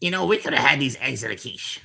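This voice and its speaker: Game casting: a pair of cowardly monster rats on the run, husky yet very bright, all over the place in pitch. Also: lively intonation, fast talker, exaggerated voice. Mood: petulant. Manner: whiny, bickering. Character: squabbling cowardly rat creatures on the run. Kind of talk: video game character dialogue.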